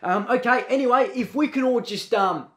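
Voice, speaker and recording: A man doing a loud Aussie PE teacher. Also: very high-pitched, normal speed, slight background noise, pitched above the performer's own voice. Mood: nosy. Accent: Australian. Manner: loud, blunt, pushy, calls everyone mate. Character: brash loud Australian male PE teacher, 43. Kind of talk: comedy sketch.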